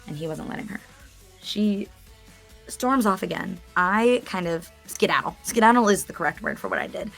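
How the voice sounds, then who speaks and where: A young woman telling a story as an interview guest, animated and chatty, laughing and swearing as she goes. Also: lowish voice, creaky. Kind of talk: casual storytelling.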